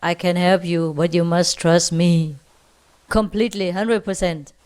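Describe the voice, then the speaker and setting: God speaking from the sky, calm, solemn and commanding, a touch lower than the teller's own voice, as a woman puts it on in a joke. The lines come slowly and deliberately. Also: smooth, natural voice.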